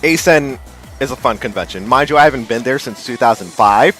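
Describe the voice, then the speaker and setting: A man co-hosting a podcast, asking questions and teasing with quick laughs. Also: mid-range voice, expressive, fairly bright tone, soft background music. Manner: teasing interviewer, laughs easily. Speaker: podcast co-host. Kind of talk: casual podcast chat.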